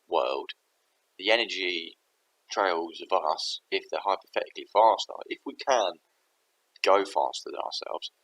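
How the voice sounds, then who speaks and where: Rambling low-voiced man. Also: a bit bright, rough recording. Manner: rambling, self-interrupting, musing. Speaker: vlogger. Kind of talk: casual thinking aloud to camera.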